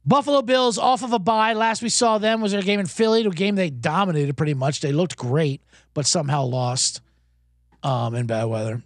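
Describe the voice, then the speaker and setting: A man's voice: high voice, normal speed, no room sound, clean studio sound. A man hosting a sports betting show, rambling casually and poking fun at himself with rhetorical questions. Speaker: host.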